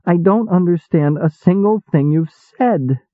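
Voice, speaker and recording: A man's voice: mid-range voice, lively intonation, a little slow, no room sound, voice pushed up. A man voicing a timid, naive young male apprentice who speaks earnestly and plaintively, recorded with a tinny sound. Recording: tinny phone-like dry sound.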